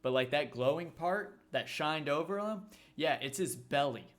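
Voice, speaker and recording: A man co-hosting a podcast, explaining movie details in a relaxed, matter-of-fact way during a casual chat. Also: a little high, normal speed. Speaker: podcast co-host.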